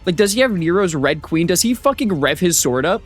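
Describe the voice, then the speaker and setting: A man streaming a story game, reading the text aloud and reacting with excitable, swear-filled outbursts. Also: sits high, a little fast, breathy edge, soft background music. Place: home streaming setup.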